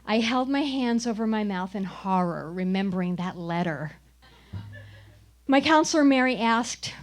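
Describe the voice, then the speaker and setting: A woman's voice: medium pitch, animated, unhurried, soft background music. A woman performing a wry, comic personal story at a live storytelling showcase. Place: small live venue.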